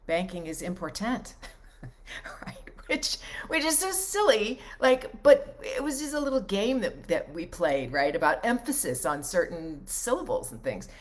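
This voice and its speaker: A woman's voice: mid-range voice, sing-song, measured pace. A woman in her fifties, a voiceover coach, giving casual advice, often checking in with "right?" and repeating key points for emphasis.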